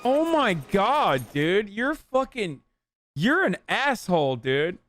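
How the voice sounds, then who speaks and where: A man's voice: high voice, big pitch swings, takes it slowly, a bit bright, dry recording, soft background music. A young man reacting to a TV clip on stream, swearing a lot and sounding sarcastic and exasperated. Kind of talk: casual reaction commentary.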